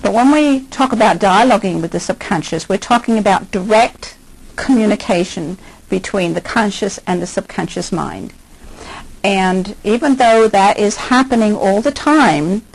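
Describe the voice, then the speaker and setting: A woman's voice: mid-range voice, creaky, slightly rough, low-quality recording. An older woman, a hypnotherapist, giving a conversational lecture and asking her listeners many questions.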